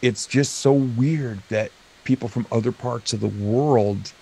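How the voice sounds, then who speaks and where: An American man with a plain mid-pitched voice spins stories as a guest on a live interview. He talks animatedly and acts out the lines of the people in his stories. The sound comes over a video call. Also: measured pace, gravelly, warm tone, slightly rough. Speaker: guest, motivational speaker and comedian. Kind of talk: storytelling interview chat.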